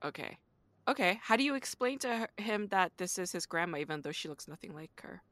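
A woman hosts a casual podcast, laying out playful hypothetical scenarios for her guest. Her voice is bright and forward. The sound is close and dry. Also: fairly low pitch, lively intonation, a little fast, dry recording. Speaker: podcast host.

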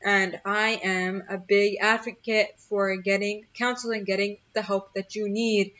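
A woman's voice: mid-range voice, level tone, measured pace, fairly bright tone, dull audio. A young woman hosting a solo motivational podcast, talking earnestly and emphatically, often repeating her key phrases. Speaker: podcast host.

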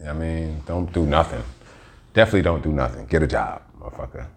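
A bass-voiced man talks quickly on his own podcast, spinning stories in a rambling, slangy monologue packed with profanity.

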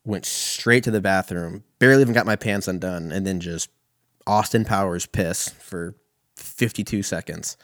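Young guy from california doing standup, swears a lot, lowish voice, dry sound. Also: normal speed, dry recording. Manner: profane, animated storytelling. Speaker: comedian. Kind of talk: stand-up storytelling.

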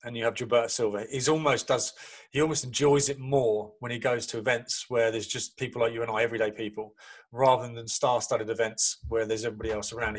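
Male podcast guest, rapid anecdotal storyteller who acts out dialogue, mid-range voice. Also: mid-range voice. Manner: lively storyteller acting out quoted dialogue.

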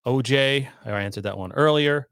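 A man's voice: medium pitch, normal speed, a bit bright, clear, resonant tone, no room sound, clean studio sound. A man hosting a casual livestream from his basement, chatting and reading viewer comments aloud. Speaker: podcast host. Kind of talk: casual livestream chat, reading super chats. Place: home basement.

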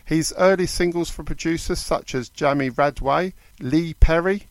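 A man's voice: on the high side, moderate pace, no room sound. A man hosting a radio music show, reading artist histories in a lightly conversational way. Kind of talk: radio DJ narration.

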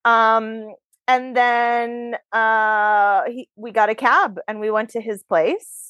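A woman's voice: fairly high pitch, fairly even intonation, slow, fairly bright tone, smooth, no echo, highs cut off. A woman hosting a podcast, chatting frankly and casually about her dating life. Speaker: podcast host. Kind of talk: casual chat. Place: New York.

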